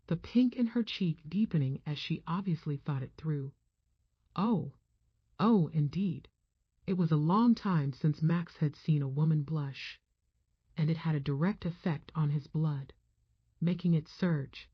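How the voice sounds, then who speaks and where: A woman reading an audiobook as narrator, in a measured, even manner. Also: deep voice, husky, dry recording. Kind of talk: scripted narration. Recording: dull, muffled dry sound.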